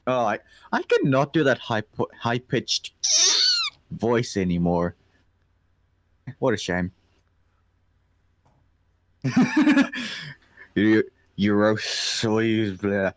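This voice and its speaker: A man hosting a casual comic-reading livestream talks at a very unhurried pace. His pitch leaps about expressively and he breaks into laughter often. The sound is close and dry. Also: no room sound. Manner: slow, animated, frequent laughter. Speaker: livestream co-host.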